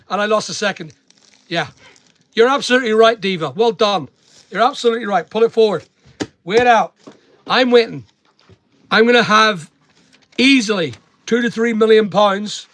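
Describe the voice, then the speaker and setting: This online seller from Northern Ireland, middle-aged, speaks in a high and fairly bright voice. Chatting casually on his livestream, he answers comments and lectures bluntly about money.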